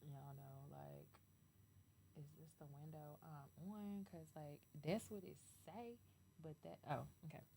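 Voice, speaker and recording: A woman hosting a podcast, ranting casually to her viewers, animated, laughing often and swearing freely. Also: sits low, a little slow, gravelly. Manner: talks straight to viewers as "y'all". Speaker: podcast host. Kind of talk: casual opinion rant to camera.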